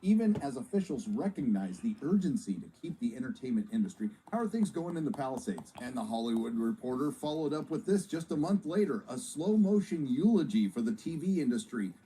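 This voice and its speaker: A man reading scripted documentary narration in a measured, even delivery, from a clip played on a stream. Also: medium pitch, slight background noise, poor audio.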